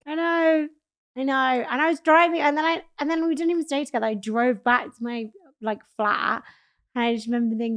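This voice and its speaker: Gravelly, high-pitched young woman. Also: brisk. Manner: animated storytelling, swearing freely. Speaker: guest. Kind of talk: casual chat.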